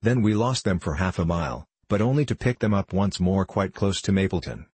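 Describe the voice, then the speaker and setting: A man narrating a classic detective story as an audiobook reader, telling it in a steady, even way. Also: deep voice, fairly quick, husky, no room sound.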